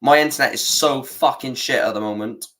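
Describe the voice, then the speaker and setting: A man's voice: mid-range voice, brisk, fairly bright tone. A young man running a football watch-along, ranting and swearing at the referee and his stream. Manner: frustrated, swears a lot, rants at the referee.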